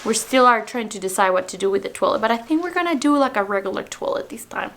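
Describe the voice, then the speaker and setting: A woman's voice: fairly high pitch, expressive, fast talker, a bit bright. A young woman vlogging casually from inside a bus she is converting, playful and laughing often. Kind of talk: casual chat to camera. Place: inside a school bus under construction.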